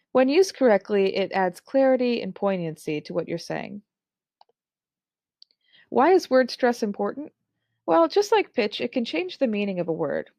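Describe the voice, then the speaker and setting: A woman in her thirties teaching an online speaking course, with clear, carefully articulated and expressive delivery. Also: mid-range voice, no room sound. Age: 30s. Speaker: instructor.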